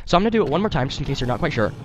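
A man's voice: fairly high pitch, sing-song, very fast, highs cut off, slight background noise. A man hosting a let's play, giving rambling, apologetic gameplay commentary into a headset mic. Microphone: desktop headset mic.

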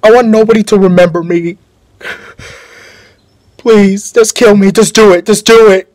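A man's voice: fairly even intonation, measured pace, darkish tone. An actor playing a frightened, broken young man in his twenties who pleads while crying. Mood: despairing. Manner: pleading, sobbing, high and strained.

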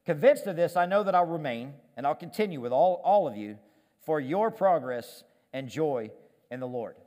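A man preaching a sermon on stage as pastor, animated and self-deprecating, often repeating words as he gets going. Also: a little high, moderate pace, big-room sound. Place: church stage.

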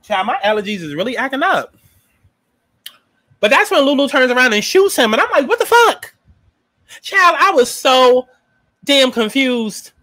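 A man giving a casual, profane recap and review of a TV episode, animated and sassy, acting out his own reactions. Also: very high-pitched, normal speed, long pauses, no room sound.

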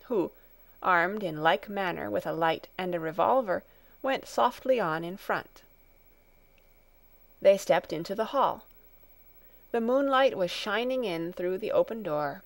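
A woman narrating a classic children's story aloud in an even, measured reading. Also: medium pitch, vocal fry, no echo. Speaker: audiobook narrator.

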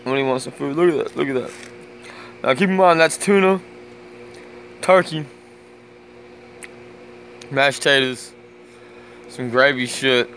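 A man's voice: mid-range voice, a little slow, pauses often, fairly bright tone, slight background noise. A man vlogging casually on his lunch break, talking in laid-back slang and fondly to his dog. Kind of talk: casual vlog chat. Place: work site on a lunch break.

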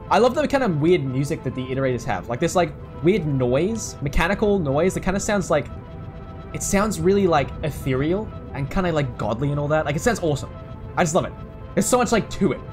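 A young English man giving excitable let's-play commentary, laughing and yelling at the game. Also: a little high. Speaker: gamer.

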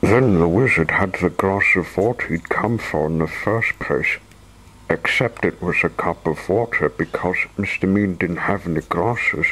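Deep husky storytelling man. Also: a little slow, rough recording. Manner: expressive, animated narration. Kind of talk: storybook reading.

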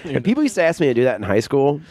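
A man's voice: medium pitch, big pitch swings, rapid-fire, crowd noise. A Midwestern man co-hosting a comedy podcast, talking casually, laughing often and slipping into impressions. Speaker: podcast co-host. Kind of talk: casual chat.

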